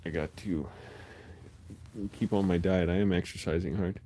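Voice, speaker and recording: Low, mellow-voiced man rambling on a live stream. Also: steady tone, moderate pace, slight background noise. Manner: rambling, chatty, many fillers and restarts. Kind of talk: casual live-stream talk. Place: his bedroom at night. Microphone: phone held close.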